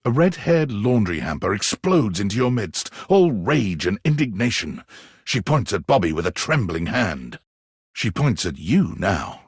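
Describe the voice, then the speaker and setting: A man's voice: fairly low pitch, big pitch swings, unhurried, slightly rough, no echo, clean studio sound, exaggerated voice. A man voicing a wry narrator in a video game, reading scripted second-person narration in a playful storytelling manner. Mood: amused.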